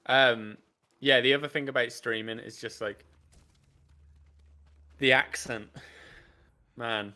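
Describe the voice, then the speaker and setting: A man's voice: mid-range voice, fairly even intonation, slow, pauses often, sharp tone. A man with a Birmingham accent, a game streamer bantering casually and reacting to the game as he plays. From England. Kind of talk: casual chat while playing a game.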